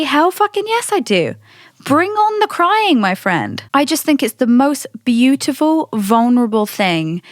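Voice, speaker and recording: A woman in her thirties talks to her listeners in a candid, animated monologue and swears freely. Her voice sits a little high. The recording is close and dry, with no room sound. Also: no room sound. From Britain. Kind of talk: casual monologue.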